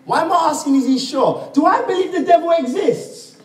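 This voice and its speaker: A male preacher with a high, swooping voice tells his testimony as a story, playing out each voice as he goes. He calls out to the congregation for amens. He sounds roomy and echoey, picked up from a distance in a church hall. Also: big pitch swings, normal speed. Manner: storytelling, acting out quoted dialogue and calling for amens. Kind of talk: sermon with personal testimony. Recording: echoey room, mic far off.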